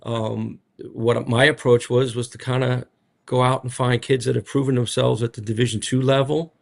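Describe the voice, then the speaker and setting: Gravelly man with a Rhode Island accent. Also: medium pitch, level tone, normal speed. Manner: talkative, many fillers and tag questions. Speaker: college basketball coach. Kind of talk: casual media day interview.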